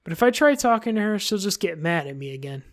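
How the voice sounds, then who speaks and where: A woman's voice: mid-range voice, animated, fast talker, close to an everyday voice. A woman voicing a small, bratty teenage girl from a game, worried and pleading in a letter, snappy in arguments. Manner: snappy, defensive.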